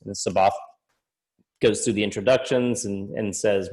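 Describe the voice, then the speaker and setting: A man's voice: on the low side, steady tone, normal speed, poor audio. Rambling male game master. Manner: rambling, many fillers, laughs easily. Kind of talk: narrating a tabletop game.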